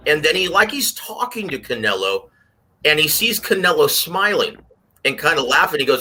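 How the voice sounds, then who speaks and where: A man giving his take on a boxing panel, telling stories and acting out quotes in a lively way. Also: on the high side, normal speed, a little hiss or hum. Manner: animated storyteller, acts out quotes. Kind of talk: casual panel commentary.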